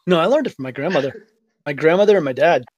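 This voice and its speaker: A man's voice: a little high, lively intonation, fast talker, a little mellow, no echo. A man with a Boston accent from Revere, co-hosting a casual podcast chat and telling stories with some swearing. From Revere, Massachusetts. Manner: swears freely, tells stories. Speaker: podcast co-host.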